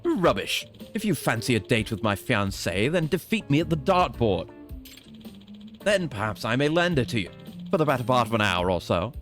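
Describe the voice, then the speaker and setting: A man putting on a pompous gentleman. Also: medium pitch, big pitch swings, moderate pace, faint music behind. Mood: haughty. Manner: grandiose, flowery, condescending. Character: pompous young English gentleman rival, haughty and theatrical.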